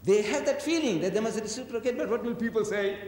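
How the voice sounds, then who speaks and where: A man lectures with a lively, swooping delivery and a fairly high voice. He drives his points home with rhetorical questions and acts out voices in his anecdotes. The sound is echoey with a long hall reverb. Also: fast talker. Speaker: religious lecturer. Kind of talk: public lecture on religion.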